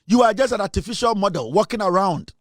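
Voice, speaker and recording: A man's voice: high voice, animated, fast talker, no room sound, clean studio sound. A man with a Ghanaian accent hosting an impassioned commentary show, preaching and repeating lines for emphasis. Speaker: show host. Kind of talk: impassioned commentary mixing English and Twi.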